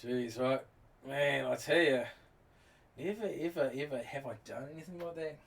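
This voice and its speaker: A man's voice: medium pitch, normal speed. A middle-aged man with a New Zealand accent, hosting a casual livestream and chatting to viewers in a rambling, teasing way full of fillers. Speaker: livestream host. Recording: distant mic with faint noise.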